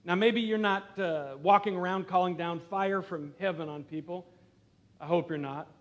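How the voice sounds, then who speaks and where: A middle-aged man preaching as pastor in a church, talking conversationally and earnestly, dropping to quiet emphasis at times. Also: high voice, normal speed. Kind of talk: sermon. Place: church sanctuary.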